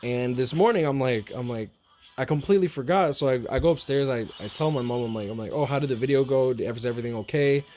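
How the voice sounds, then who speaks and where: A man's voice: mid-range voice, warm tone, slight background noise. Rambling young man telling a story. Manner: rambling, repeats himself, swears freely; emotional, halting. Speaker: streamer. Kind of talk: casual storytelling to viewers.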